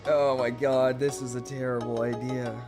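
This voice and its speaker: A young man streaming live and reacting to videos, excitable and giggly, swearing freely. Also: medium pitch, normal speed, over music.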